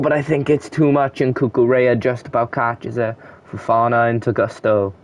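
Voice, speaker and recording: A young man with a mid-range voice and fairly even intonation talks at normal speed while commentating on a football video game. He fires off player names in short bursts and shouts at chances and goals.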